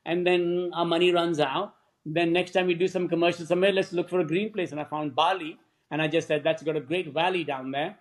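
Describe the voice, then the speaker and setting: A man, a film director, telling lively stories in a podcast interview and acting out what other people said. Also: on the high side, a little fast. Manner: animated anecdotes, acts out quoted voices.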